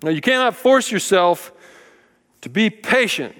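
A man's voice: high voice, big pitch swings, unhurried, a bit bright. A man preaching a sermon in a conversational, folksy way with touches of humor. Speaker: pastor. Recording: long hall reverb.

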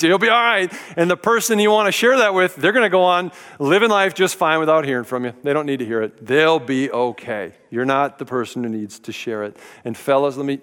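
A man's voice: a little high, fairly bright tone. A man preaching a sermon in a conversational, folksy way with touches of humor. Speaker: pastor. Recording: long hall reverb.

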